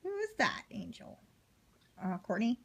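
A woman's voice: mid-range voice, very animated, unhurried, gravelly, slightly rough. A woman at home filming her pet cockatoo, cooing and baby-talking to it and laughing often. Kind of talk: casual home video chat. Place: living room at home. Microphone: handheld camera.

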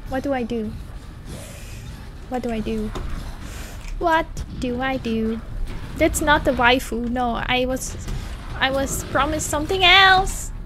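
A woman streamer doing panicky let's play commentary of a horror game, exclaiming and talking slowly between scares. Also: high voice, bright, forceful tone, a little hiss or hum. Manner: slow, drawn-out talk.

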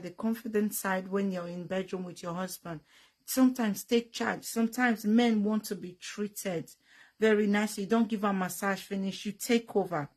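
A young woman with a Nigerian Pidgin English accent, talking frankly and bluntly to her viewers, with loud bursts and sound effects. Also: medium pitch, husky. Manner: blunt and teasing. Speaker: vlogger. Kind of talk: frank casual talk to viewers.

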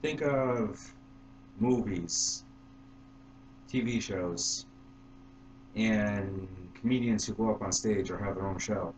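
A man talking casually to his channel's viewers, halting and unhurried, with fillers and restarts. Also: lowish voice. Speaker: YouTube vlogger. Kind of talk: casual vlog to camera. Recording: roomy with faint hum.

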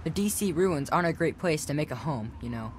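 A woman's voice: low voice, animated, a little fast, darkish tone, slight background noise. A woman voicing a scared, whiny young boy. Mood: explaining. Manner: scared, whiny, breathless pleading. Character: frightened young boy survivor, pleading. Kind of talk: video game dialogue.

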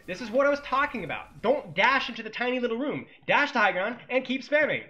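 A man's voice: extremely high pitch, very animated, quick pace, few pauses, background noise. A man coaching as he analyzes a game replay, teasing and sarcastic, cracking jokes between points. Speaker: esports coach.

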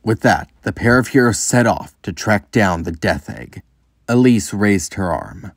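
A man reading a fan story aloud in steady storytelling narration. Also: fairly low pitch, unhurried, no echo, studio quality.

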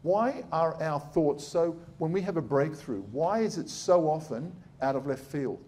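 Aussie surgeon guy giving a talk, blunt and sarcastic, warm dark voice. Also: a little high, a little slow. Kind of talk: lively public talk.

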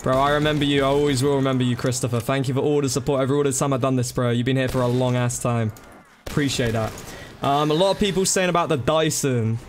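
A man's voice: mid-range voice, fairly even intonation, fast, a little hiss or hum. A man chatting casually to viewers during a live gaming stream, thanking them by name and calling them bro and dude.

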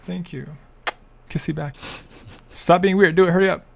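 A man giving excited gameplay commentary, laughing often and yelping and pleading loudly as things happen. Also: sits high, moderate pace, creaky. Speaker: gaming streamer.

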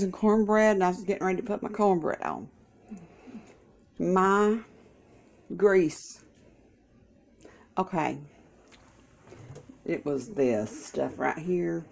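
This vlogger, who looks after her mother, talks casually at the kitchen breakfast table, folksy and chatty with the odd religious remark. Her voice is fairly low and gravelly.

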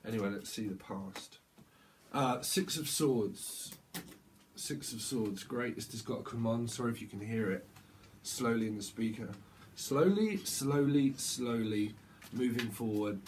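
A man's voice: on the low side, normal speed, slight background noise. A man giving a loose, rambling tarot reading, laughing often and acting out little quoted voices. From United Kingdom. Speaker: tarot reader. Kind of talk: channeled tarot reading to camera.

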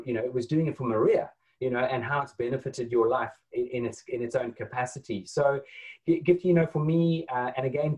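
A man's voice: medium pitch, darkish tone, low-quality recording. A man who leads a training course, speaking hesitantly with many fillers on a video call. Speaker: course leader. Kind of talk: casual call chat.

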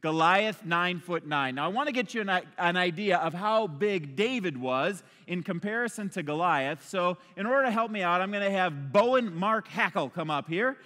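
A male pastor delivers an energetic, conversational sermon from a church stage. His voice is high and bright. A long reverb trails after his words in the hall. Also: normal speed, few pauses.

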